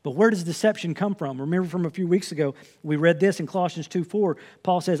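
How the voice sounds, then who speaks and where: A man's voice: high voice, brisk, hardly any pauses, a little mellow. A man preaching a sermon from the pulpit, earnest and conversational, quoting scripture as he teaches. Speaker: pastor.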